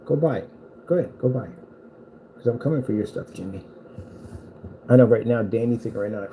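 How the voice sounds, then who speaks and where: A man's voice: medium pitch, expressive, brisk, vocal fry, mellow, a little hiss or hum, rough recording. A man delivering a boastful, taunting rant at a rival screen maker, repeating himself for emphasis. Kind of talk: trash-talking rant at a rival.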